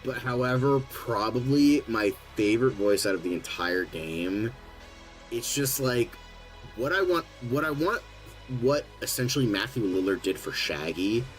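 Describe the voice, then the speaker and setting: On a low-quality recording, a young male podcast co-host speaks in a voice on the low side. He rambles through casual conversation, often restarting and leaning on fillers.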